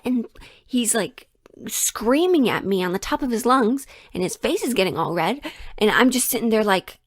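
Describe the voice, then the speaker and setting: A woman's voice: a little high, lively intonation, moderate pace, no room sound. Young woman, casual storytime narrator, chatty and conversational, dry close sound. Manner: chatty, conversational, full of "like" and asides.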